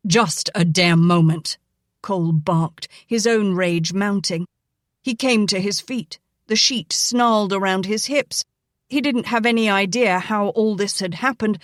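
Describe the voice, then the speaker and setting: In a scripted romance audiobook narration, a woman with a mid-range voice reads in an even, measured way. The recording is dry and of studio quality.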